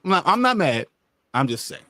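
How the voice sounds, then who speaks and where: A man's voice: fairly high pitch, very animated, fairly quick, sharp tone, no room sound, studio quality. A man co-hosting a casual sports podcast, mock-ranting with exaggerated frustration and frequent laughter. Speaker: podcast co-host.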